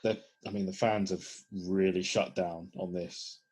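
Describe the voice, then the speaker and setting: A man co-hosting a podcast in casual chat, recapping events in a relaxed way with plenty of hesitations. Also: low voice, measured pace, breathy edge. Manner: relaxed recapping with many uh and um fillers. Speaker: podcast co-host.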